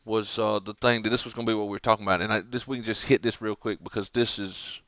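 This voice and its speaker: Talking at a quick pace, a man with a fairly low, steady, fairly bright voice is heard in lo-fi sound with no room sound. He co-hosts a casual comedy podcast, a rambling storyteller from the Southern United States with a Southern American accent who acts out characters with big voices.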